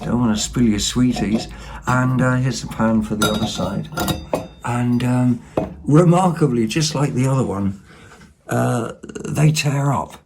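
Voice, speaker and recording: A man's voice: medium pitch, unhurried, vocal fry, background noise. A man giving a rambling, casual show-and-tell of second-hand finds at home, with lots of ums and asides. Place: home, at a table.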